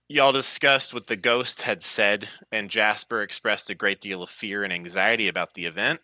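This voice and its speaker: A man's voice: medium pitch, pushed and bright, no echo. A man serving as game master, recapping the last session of a tabletop game with frequent fillers.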